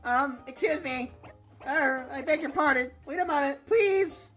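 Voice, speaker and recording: A woman's voice: on the high side, big pitch swings, fast talker. Woman doing a shy stammering young turtle. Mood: nervous. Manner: stammering, hesitant, soft. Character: shy young male turtle, timid, nervous. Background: game music.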